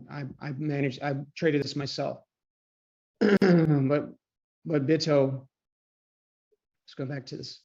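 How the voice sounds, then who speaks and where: A man coaching traders on a live online call, chatty and often clearing his throat. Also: medium pitch, darkish tone. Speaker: trading coach. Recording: dull lo-fi call audio.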